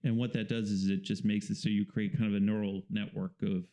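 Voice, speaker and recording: As the interview guest, this man, a painter, chats casually and rambles through his explanations with plenty of fillers. He has a voice on the low side and a brisk delivery.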